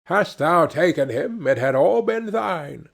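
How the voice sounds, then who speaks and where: A blunt, plain-spoken travelling fiddler from a storybook, voiced by a man. His voice is gravelly and husky. He speaks slowly, with plenty of rise and fall. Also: a little high, expressive, pitched above the performer's own voice, heavily acted.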